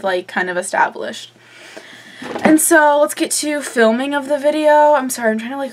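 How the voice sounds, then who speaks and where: Young female vlogger, slightly high voice, chatty and profane, filler-heavy casual delivery. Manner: chatty, frequent ums, casual swearing. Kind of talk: casual recap vlog.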